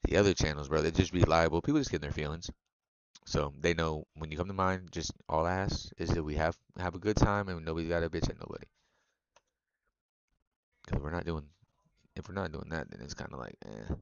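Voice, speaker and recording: A man with a very deep voice rattles on quickly in a loose, profane stream chat with his viewers and laughs often. The sound is dry and close, through a dull lo-fi stream mic. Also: creaky, clear, resonant tone, no room sound. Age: adult. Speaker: game streamer. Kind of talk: casual live-stream chat.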